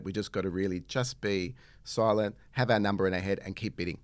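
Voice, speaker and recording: A man, a real estate agent co-hosting a casual podcast chat, chiming in with quick prompts and questions. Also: lowish voice, steady tone, no room sound.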